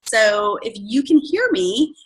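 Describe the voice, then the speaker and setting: A woman's voice: on the high side, very animated, takes it slowly, a little hiss or hum, rough recording. A woman hosting a video call, introducing a guest in a gushing, effusive way. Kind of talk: enthusiastic live-call introduction.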